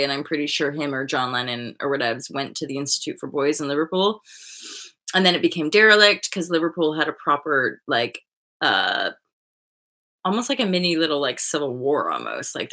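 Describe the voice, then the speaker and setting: A woman hosting a spiritual livestream, chatting casually and rambling with her viewers, often jumping into high excited asides. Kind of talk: casual chat with live viewers.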